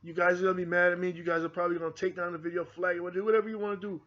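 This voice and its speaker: A man's voice: high-pitched, flat delivery, racing, fairly bright tone. Fervent American-accented man, muffled lo-fi audio. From United Kingdom. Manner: fervent, repetitive, addresses viewers directly. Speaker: channel host. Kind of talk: impassioned monologue to camera. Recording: dull lo-fi recording.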